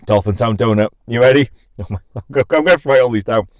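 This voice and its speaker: Speaking quickly at a medium pitch, with no room sound, a young man hosts a casual podcast on live stream. He laughs frequently, gets scattered, and interrupts himself as viewer comments come in.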